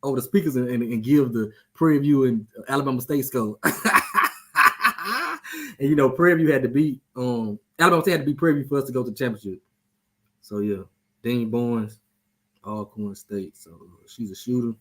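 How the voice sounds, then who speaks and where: A man's voice: mid-range voice, brisk. A man hosting a casual sports chat show, talking loosely, joking and trash-talking. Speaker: show host.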